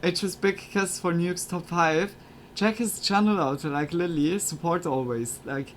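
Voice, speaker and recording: Streamer dude, kinda high voice, rambly filler talk, usb mic with faint hiss. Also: male voice, fairly even intonation, measured pace. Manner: chatty, filler-heavy, slightly broken English. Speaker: streamer reacting to videos. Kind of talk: casual reaction commentary. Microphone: USB desk microphone.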